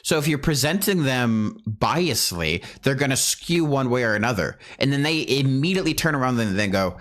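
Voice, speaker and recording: A man's voice: medium pitch, normal speed, hardly any pauses. A man streaming, chatting casually and acting out both sides of an argument. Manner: animated, acts out both sides of arguments in quoted voices. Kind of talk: casual chat.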